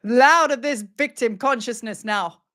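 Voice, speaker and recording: A commanding lion-headed goddess speaks in slow, scolding tones, pitched above the storyteller's own voice. She sounds stern and unbending, as a woman puts her on in a guided meditation. Her words land hard and deliberate. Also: a bit bright.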